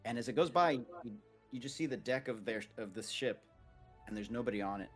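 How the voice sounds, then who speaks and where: A man's voice: medium pitch, a little fast, slightly rough, soft background music. A man narrating a tabletop game as game master, rambling casually with lots of fillers.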